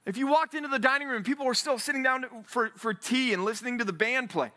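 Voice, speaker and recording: A man preaching to a men's Bible study with an energetic, animated delivery. His voice sits high and bright. He acts out the quotes he reads and builds to near shouts when he urges his listeners. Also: fast talker. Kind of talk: sermon.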